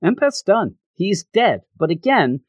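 A man talks through a comic book issue in a loose, rambling recap. His pitch moves a lot as he goes, and the sound is dry and close. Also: a little slow, no room sound. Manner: rambling, animated. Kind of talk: casual recap.

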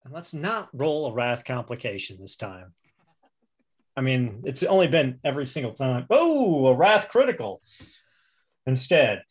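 Player, male, mid-pitched, chatty, thinks out loud, tabletop game. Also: expressive, normal speed, breathy edge. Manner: chatty, thinks aloud with fillers.

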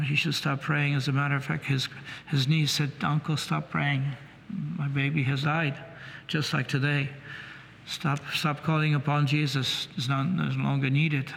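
A man's voice: medium pitch, gravelly, a bit bright, a little hiss or hum. A man preaching a sermon in a conversational style, often restarting and repeating his phrases. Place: church. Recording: long reverb in a church, faint ambience.

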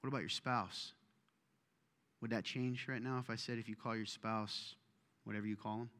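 A man preaching a sermon, animated and joking, with self-deprecating asides, in a church auditorium. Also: on the low side, moderate pace. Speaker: pastor. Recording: long reverb of a large hall.

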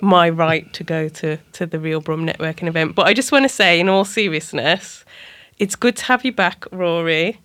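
A woman's voice: lowish voice, normal speed, a bit bright, no room sound. A woman co-hosting a casual podcast, talking in a playful, jokey way and laughing easily. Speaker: co-host and key holder. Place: small studio.

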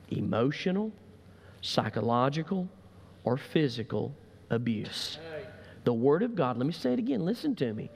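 Man preaching, lively swooping delivery, emphatic repetition, long hall reverb. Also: medium pitch, moderate pace, creaky, breathy edge. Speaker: pastor. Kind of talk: sermon. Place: church sanctuary.

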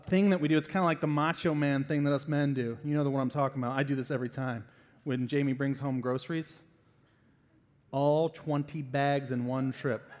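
A man preaching a sermon as pastor, animated and acting out little voices to make a point. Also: on the high side, in a large hall.

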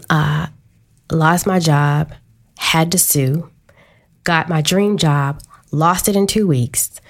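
A woman guest on a talk show, candidly telling a personal story in a quick, open way. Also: low-pitched.

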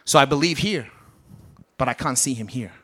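A man's voice: mid-range voice, normal speed, sharp tone. A man preaching a sermon with a British accent, acting out the Bible characters as he goes. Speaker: pastor.

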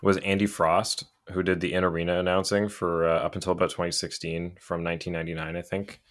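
Man, very deep voice, casual sports banter, easygoing co-host. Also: flat delivery, quick pace, fairly bright tone. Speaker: podcast co-host.

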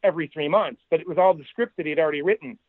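A man's voice: fairly high pitch, rapid-fire, no echo, narrow, tinny audio. A man telling entertainment business stories in a casual podcast chat, acting out quotes as he goes. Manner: animated anecdote teller, acts out quotes. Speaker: guest, entertainment executive.

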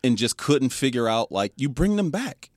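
A man co-hosting sports talk radio in a studio, his pitch swooping up and down as he makes his points. He talks in a slangy, emphatic way. The sound is dry and close. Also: very animated, normal speed, no echo. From Detroit. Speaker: radio co-host.

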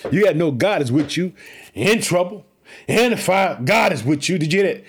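Male preacher, high voice, lively sermon, reads and riffs with exclamations. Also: brisk, breathy edge. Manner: exclamatory, repeats catchphrases, swings between reading and asides. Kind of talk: energetic sermon retelling scripture.

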